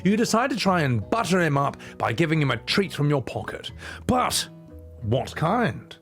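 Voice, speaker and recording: A man reads out a visual novel with a playful, wry delivery, his voice high and lively with big swoops. Faint music plays behind him. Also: normal speed. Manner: playful, wry narration with asides. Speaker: gaming streamer. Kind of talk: reading aloud a visual novel.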